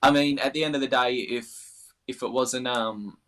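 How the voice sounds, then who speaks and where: A man's voice: mid-range voice, steady tone, normal speed, a bit bright. An Australian man chatting casually as an interview guest, rambling with many restarts. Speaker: interview guest, darts player.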